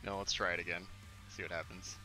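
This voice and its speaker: A man co-hosting a game stream, troubleshooting and often muttering quietly to himself. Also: little pitch movement, fast talker, soft background music. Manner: distracted, mutters to himself at low level. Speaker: stream co-host. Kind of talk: casual gaming chat.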